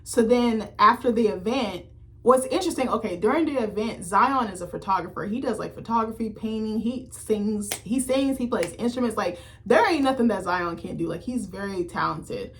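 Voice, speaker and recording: A young adult woman chatting casually on her vlog, animated and slangy, swearing freely and rambling off on tangents. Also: mid-range voice, brisk. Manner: rambling, self-interrupting. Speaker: YouTuber reviewing a TV series. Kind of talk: casual chat.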